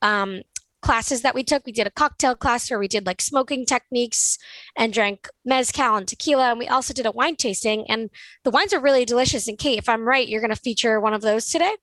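A woman's voice: fairly high pitch, brisk, fairly bright tone, dry recording, poor audio. A young woman co-hosting a podcast, upbeat and conversational as she leads into segments. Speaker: podcast co-host. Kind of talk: casual podcast chat.

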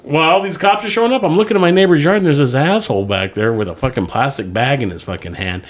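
A man's voice: mid-range voice, expressive, fast. A middle-aged man, telling a story in a casual chat, swearing constantly and laughing as he goes. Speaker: podcast co-host.

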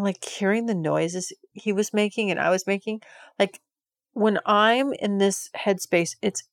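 A woman's voice: mid-range voice, no room sound, clean studio sound. A woman hosting a podcast, talking frankly in a rambling monologue full of filler words. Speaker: podcast host. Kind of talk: candid monologue.

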